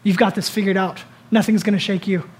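A pastor giving a sermon in a conversational style, asking the listeners many rhetorical questions and moving between loud, urgent lines and soft, hushed ones. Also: mid-range voice, steady tone, brisk.

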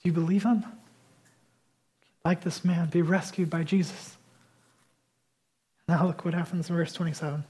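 A man preaching a passionate sermon, swinging between loud emphasis and quiet intensity. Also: fairly high pitch, fairly even intonation, normal speed, long pauses, husky. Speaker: pastor.

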